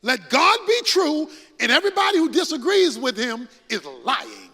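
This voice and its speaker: A male pastor preaching with a strikingly high, bright, forceful voice. He builds his points with rising emphasis and folksy storytelling. The sound carries a long hall reverb. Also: very animated, moderate pace. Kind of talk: sermon.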